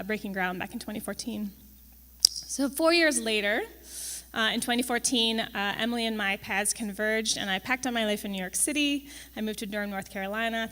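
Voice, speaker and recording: With a fairly bright mid-range voice, this young campus farm manager chats through a presentation to an audience, wry and sprinkling in ums and tag questions. The large event hall gives the audio a long reverb.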